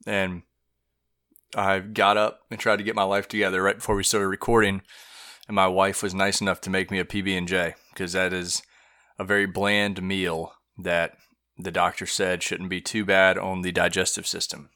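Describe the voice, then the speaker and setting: A man with a low but sharply bright voice co-hosts a podcast while feeling under the weather. He talks things through in an earnest, steady way. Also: normal speed. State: feeling unwell. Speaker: podcast co-host. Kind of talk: casual podcast chat.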